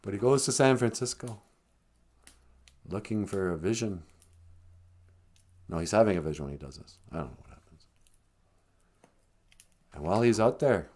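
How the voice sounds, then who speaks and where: A man telling a comic story on a live stream, rambling with deadpan asides. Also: lowish voice.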